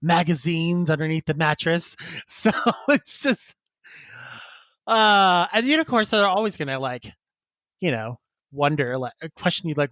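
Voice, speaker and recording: Male podcast co-host, slightly high, giggly and rambling, dry close-miked sound. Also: lively intonation, unhurried, fairly bright tone, dry recording. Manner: laughs often, chatty and rambling. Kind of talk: casual chat, reading listener emails.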